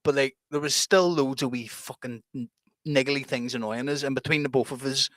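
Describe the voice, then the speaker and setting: A man's voice: medium pitch, fairly even intonation, brisk, fairly bright tone, no echo, studio quality. A man, chatting casually as co-host about producing music, laughing often. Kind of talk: casual chat.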